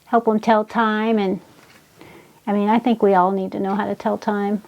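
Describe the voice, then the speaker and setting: A woman's voice: mid-range voice, level tone, highs cut off. A woman hosting a casual crafting tutorial, walking through each step in a chatty way and gushing over the results. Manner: gushing, gasps and squeals over her crafts; unhurried, chatty step-by-step explaining. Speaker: DIY craft channel host.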